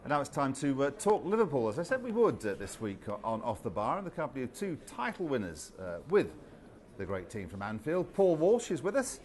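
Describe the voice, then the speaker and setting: A man hosting a TV football chat show, introducing guests and bantering briskly. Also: mid-range voice, sing-song, crowd noise. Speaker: TV sports show host.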